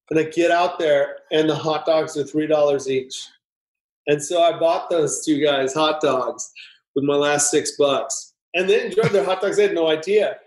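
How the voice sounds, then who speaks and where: A middle-aged man, a screenwriter guest, telling a story casually and acting out the voices in it. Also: fairly high pitch. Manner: animated, acts out voices in anecdotes. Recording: roomy echo.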